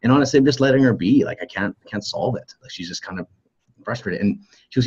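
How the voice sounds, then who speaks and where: A man co-hosting a relationship coaching podcast, telling lively stories and acting out other people's lines. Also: mid-range voice, fast talker, husky, muffled recording. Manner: animated storyteller acting out quotes. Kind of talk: live coaching conversation.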